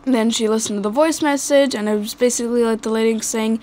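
A woman's voice: on the high side, steady tone, fairly quick, few pauses. A teenage girl telling a personal story in a casual podcast chat, hesitant with many fillers. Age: teens. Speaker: podcast guest.

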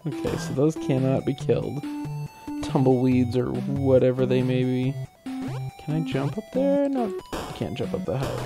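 A man hosting a casual let's-play commentary, giggly and excitable, laughing often as he plays. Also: medium pitch, measured pace, over loud music. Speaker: gaming channel host.

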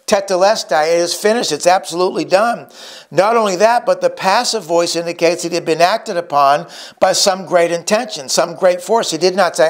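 Emphatic preaching man, higher voice. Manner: emphatic preaching, slowing for key words. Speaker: pastor. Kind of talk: sermon.

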